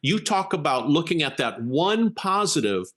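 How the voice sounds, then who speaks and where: A man's voice: fairly high pitch, sing-song, moderate pace, pitched above the performer's own voice. A man voicing an effusive, grateful older woman fan who gushes breathlessly at a book signing. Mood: gushing. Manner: gushing, breathless, emphatic.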